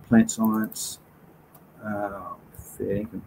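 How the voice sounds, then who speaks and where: A man's voice: on the low side, little pitch movement, very slow, vocal fry, a little mellow, slight background noise, rough recording. A man with an Australian accent hosting a casual livestream, reading out viewer comments and answering questions in an informal, chatty way. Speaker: livestream host.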